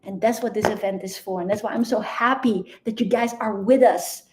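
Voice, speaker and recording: A woman's voice: mid-range voice, fairly even intonation, normal speed. A woman mentor speaking on a motivational live video, earnest and emphatic, often repeating her key phrases.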